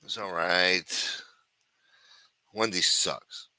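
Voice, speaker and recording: A man's voice: sits low, steady tone, drawn-out words, pushed and bright, no room sound. A man hosting a late-night livestream, chatting with viewers in a sing-song voice and full of crude joking banter. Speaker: livestream host.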